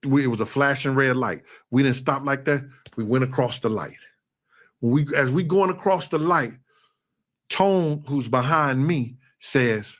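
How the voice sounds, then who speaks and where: A man telling a tense story in a casual interview, acting out quoted shouts with an animated delivery. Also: mid-range voice. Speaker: interview guest.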